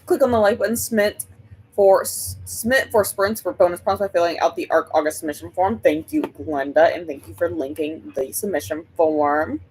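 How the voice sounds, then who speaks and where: A woman's voice: fairly low pitch, moderate pace, a little mellow, slight background noise, poor audio. A woman hosting a book livestream, chatting casually and rambling while she greets viewers by name.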